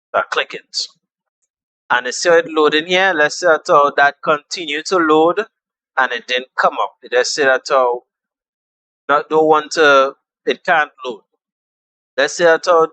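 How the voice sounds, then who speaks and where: A man's voice: a little high, sharp tone, poor audio. A young man walking viewers through a phone app in a casual, chatty tutorial, repeating steps and trailing off with fillers. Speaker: tutorial host.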